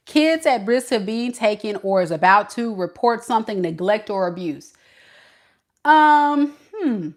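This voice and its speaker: Woman doing a tarot reading, super chatty and animated, talking right to the viewers. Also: medium pitch. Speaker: tarot reader.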